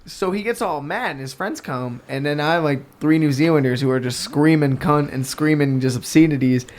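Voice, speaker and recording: A man's voice: on the high side, normal speed. A young American man telling a travel story on a casual podcast, swearing often and laughing as he goes. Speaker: podcast guest.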